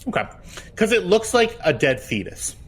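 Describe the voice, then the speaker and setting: A man in casual chat, telling a story with swearing, laughter and animated quoting. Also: sits high, moderate pace, slightly rough.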